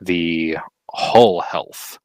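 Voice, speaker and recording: Deep-voiced man asking careful questions. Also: fairly even intonation, drawn-out words, a little mellow, smooth, no echo. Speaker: community member asking a question. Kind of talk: casual conversation.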